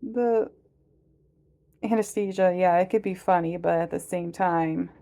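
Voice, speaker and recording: A woman's voice: fairly low pitch, measured pace, vocal fry, dark tone. A woman in her forties chatting casually in a personal vlog, rambling with many fillers and laughing at herself as she tells stories. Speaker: vlogger.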